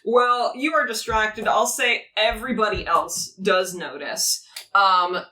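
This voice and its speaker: A woman narrating as game master of a tabletop game, casual and swearing freely, now and then slipping into quick voices for townsfolk. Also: mid-range voice, fairly even intonation, sharp tone, recorded from a distance, a little hiss or hum.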